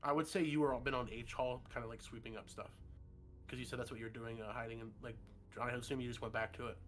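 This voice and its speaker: A man running a horror tabletop session as game master over a voice call. He narrates loosely in a mid-range voice, with plenty of "um" and "like", and soft music plays behind him. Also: mid-range voice, steady tone, fast talker. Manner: casual, loose, many fillers.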